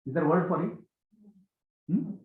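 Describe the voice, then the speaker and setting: A man giving a spiritual talk to a gathering, animated and questioning, repeating key phrases. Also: a little high, normal speed. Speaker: spiritual teacher. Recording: echoey, tinny phone-like sound.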